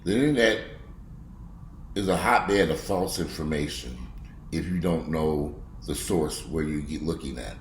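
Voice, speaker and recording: A man in a profane, angry rant. He curses bluntly and mocks people, swinging between low grumbling and loud outbursts. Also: unhurried, slight background noise. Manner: blunt, heavy cursing, mocking. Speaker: video blogger. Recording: echoey room.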